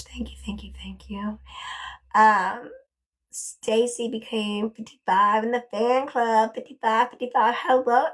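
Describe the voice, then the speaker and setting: A woman with a fairly high, fairly bright voice hosts a casual livestream from her bedroom. Gushing and chatty, she thanks viewers over and over and swears casually.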